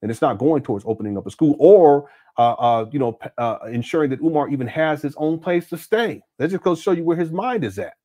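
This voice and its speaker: A man's voice: on the high side, animated, fast, few pauses, mellow. A man hosting casual livestream commentary, rambling with many restarts and fillers and breaking into laughing banter with viewers. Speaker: host.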